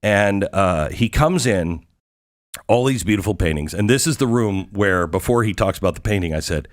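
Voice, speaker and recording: A fairly low-voiced man hosting a talk show, telling a story in a monologue. He is eager and excitable, leans hard on his key words and fires off rhetorical questions. He sounds like he is speaking in a studio. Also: moderate pace. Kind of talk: monologue recounting a visit.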